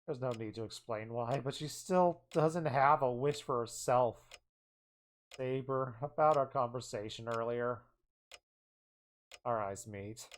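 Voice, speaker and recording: A streamer reading a visual novel aloud as narrator, with expressive, exasperated asides. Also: mid-range voice, measured pace, long pauses.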